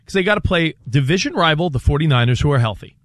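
Animated higher-voiced man debating sports. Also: fast talker, no room sound, clean studio sound. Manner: animated, excitable, walks through a schedule. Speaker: sports talk co-host.

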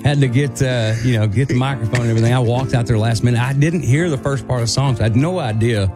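Over music, a man speaks quickly in a mid-range voice. He's a country singer guest co-hosting a radio show, telling a story casually and animatedly while acting out quotes in a raised voice.

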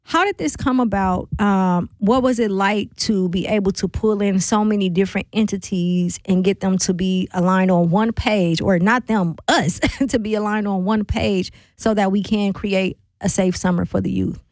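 A woman's voice: mid-range voice, moderate pace, few pauses, dry recording. Upbeat woman radio host, dry studio sound. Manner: upbeat, laughs often, lively radio delivery. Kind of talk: casual radio interview. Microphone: studio microphone.

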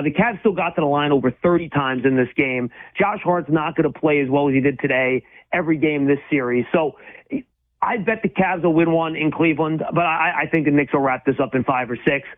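A high-voiced man talks sports in a quick, emphatic flow, restarting his sentences as he goes. His voice comes through a thin, phone-like line. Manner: fast, emphatic, with repeated restarts. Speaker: sports radio co-host. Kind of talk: casual sports talk.

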